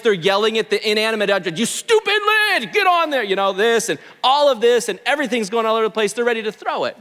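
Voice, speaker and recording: A man's voice: sits high, sharp tone, big-room sound. A man preaching a sermon as pastor, conversational, with asides to the congregation, in a church sanctuary.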